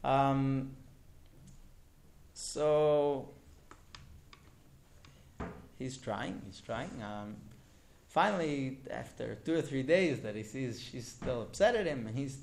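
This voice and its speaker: A male teacher telling a story to his class in an animated way, often turning to ask the students directly. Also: medium pitch, slow, vocal fry, long pauses, slight background noise.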